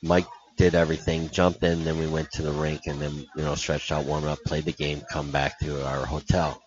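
Deep-voiced man telling a road story. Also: moderate pace. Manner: animated, laughing storyteller with many restarts. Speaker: hockey coach guest. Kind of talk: casual storytelling. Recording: dull lo-fi podcast audio.

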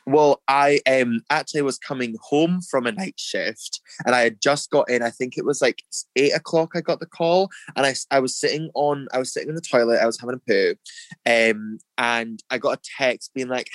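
A man's voice: medium pitch, fairly quick, dry recording. A young Scottish man tells his story in a loose, chatty way, full of fillers and restarts. He jumps his voice up to act out what other people said. The sound is dry and close, with little room around it. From Scotland. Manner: chatty, filler-heavy, acts out quotes in a raised voice. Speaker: guest, drag performer. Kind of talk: casual storytelling interview.

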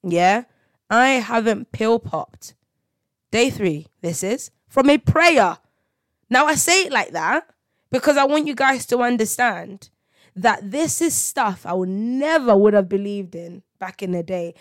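A young woman hosting a casual faith podcast, telling stories in a lively, dramatic way with frequent laughter. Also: fairly high pitch, unhurried, dry recording, clean studio sound. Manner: animated, laughing, dramatic storytelling. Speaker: podcast host.

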